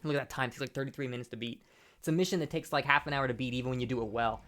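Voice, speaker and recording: A man's voice: medium pitch, racing, a bit bright, faint music behind. Tipsy man rambling over gameplay. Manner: rambling, heavy swearing, frequent restarts. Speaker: gameplay commentator.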